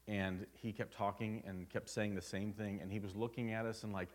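A man's voice: on the low side, little pitch movement, moderate pace. A man preaching a sermon at a church service, telling a personal story in an earnest, conversational way. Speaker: pastor.

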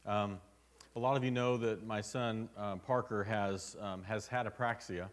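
Man, pastor, sermon, church service, earnest, conversational, fairly low voice. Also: steady tone, a little slow.

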